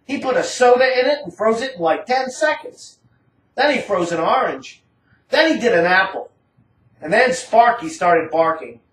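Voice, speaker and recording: A woman's voice: mid-range voice, lively intonation, moderate pace. A woman giving a dramatic first-person story reading in a rambling, casual, slangy manner. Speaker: narrator. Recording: roomy, distant from the mic.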